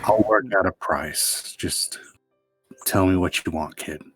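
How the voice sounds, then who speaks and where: A man voicing a brisk craftsman shopkeeper. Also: sits low, huge pitch swings, creaky, slightly rough, no room sound, faint music behind, voice pushed down, exaggerated voice. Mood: bargaining. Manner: brisk bargaining, calls people kid.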